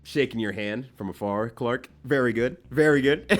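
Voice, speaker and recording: A man's voice: mid-range voice, measured pace, fairly bright tone, soft background music. A man streaming a game live, giving loose, joking commentary that swears casually and rambles between bits.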